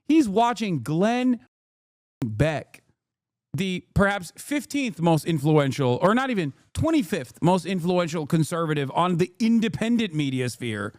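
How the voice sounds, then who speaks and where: Guy ranting over clips, mocking, lots of swearing, kinda high voice, dry sound. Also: measured pace, dry recording. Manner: animated, profane, mocking, laughs often. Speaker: streamer reacting to clips. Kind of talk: reaction commentary.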